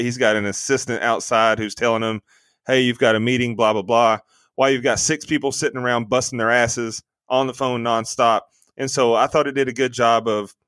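A man's voice: mid-range voice, fairly bright tone, dry recording. Opinionated man, dry close sound. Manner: opinionated, rambling with many fillers. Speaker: podcast co-host. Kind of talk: casual movie review chat.

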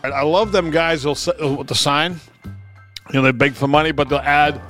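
A man's voice: a little high, fairly even intonation, normal speed, fairly bright tone, soft background music. Profane storytelling man. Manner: profane, storytelling with acted-out quotes. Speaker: podcast co-host. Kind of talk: crude casual banter.

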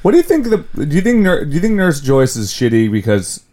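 A man's voice: on the high side, very animated, fast talker, mellow. A man hosting a casual podcast, talking in a rambling way and often breaking off to restart his sentences. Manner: rambling, self-interrupting. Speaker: podcast host.

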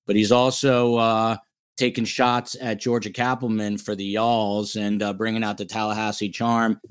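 Low-voiced male podcast host from New Jersey. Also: little pitch movement, moderate pace, smooth. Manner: chatty, reads out viewer comments. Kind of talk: casual podcast chat.

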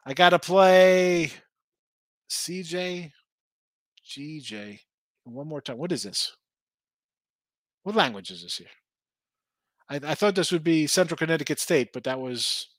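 High, bright-voiced sports betting host. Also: male voice, no room sound. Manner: rambling, excitable, talks back to chat. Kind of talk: casual live-stream chat reading viewer comments.

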